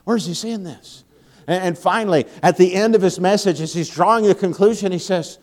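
A young man preaching a sermon, telling stories with frequent laughs and building to loud, emphatic peaks. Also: high voice, brisk. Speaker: pastor.

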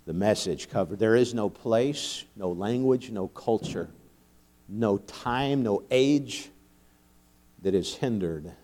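A young man preaching a sermon, telling stories with frequent laughs and building to loud, emphatic peaks. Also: on the low side, lively intonation, takes it slowly. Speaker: pastor.

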